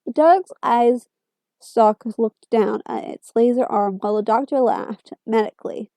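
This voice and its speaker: A woman reading fan fiction aloud in a steady storytelling voice. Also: on the high side, a little slow, no room sound.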